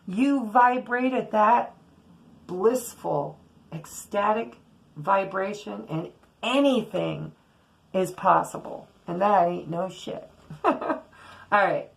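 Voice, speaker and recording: A woman's voice: mid-range voice, slow, gravelly, low-quality recording. A woman doing a casual tarot reading, giving blunt and earnest spiritual advice with the odd swear word. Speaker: tarot reader.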